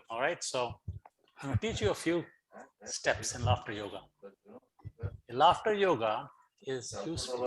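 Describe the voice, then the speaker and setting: A middle-aged man speaking over a video call as a guest speaker, coaxing his audience through a lively online session and often repeating words as he gets going. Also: mid-range voice, rough recording. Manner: animated, coaxing, repeats words when starting. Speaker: guest speaker for teacher training. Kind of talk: online lecture leading laughter exercises.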